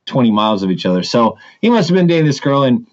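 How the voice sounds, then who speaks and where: Animated man telling school stories. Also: medium pitch, fast, dull audio. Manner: animated storyteller with many restarts. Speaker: assistant principal, guest. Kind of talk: casual interview chat.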